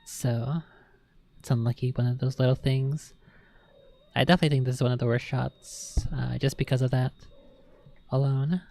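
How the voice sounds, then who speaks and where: A woman hosting a casual livestream, chatting loosely and often slipping into soft whispers and baby talk to her cat at her desk. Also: a bass voice, flat delivery, fairly quick, creaky. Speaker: livestream host. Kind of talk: casual stream chat.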